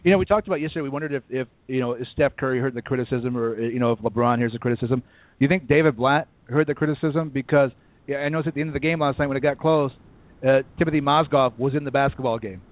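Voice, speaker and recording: Fast-talking higher-voiced man, phone-tinny. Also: no echo. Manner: opinionated, animated arguing. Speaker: sports show co-host. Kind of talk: casual sports talk. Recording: dry, tinny phone-like audio.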